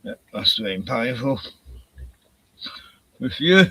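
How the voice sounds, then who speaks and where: Older Australian man, gravelly voice, bright tone, slow rambling talk, out of breath, sighs and swears, dry close sound. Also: mid-range voice, big pitch swings, no room sound. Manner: rambling, profane, sighing. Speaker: livestream host. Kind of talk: casual late-night chat.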